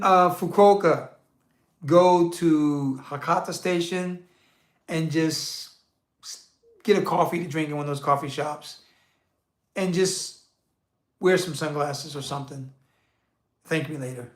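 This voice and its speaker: A man hosts a relaxed livestream and reads viewer comments aloud. He answers in loose slang and laughs often. His voice sits a touch high, and the room around him echoes. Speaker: livestream host reading chat. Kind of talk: casual livestream chat.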